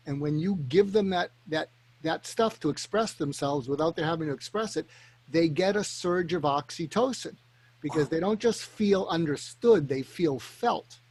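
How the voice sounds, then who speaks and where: Earnest man explaining, slightly high voice. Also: darkish tone, husky, no echo. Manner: earnest, explanatory, with frequent restarts. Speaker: guest. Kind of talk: casual chat.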